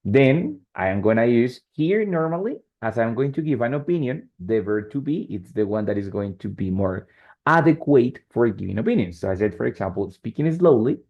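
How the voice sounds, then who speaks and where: A man teaching an online English lesson, explaining slowly and often checking in with "right?" and "yes?". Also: mid-range voice. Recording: dull lo-fi call audio.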